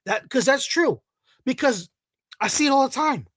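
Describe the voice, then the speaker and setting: A man's voice: extremely high pitch, lively intonation, normal speed, a bit bright, dry recording, studio quality. A man from Latin America delivering a heated, profane rant to camera as a video commentator, repeating himself and swearing often.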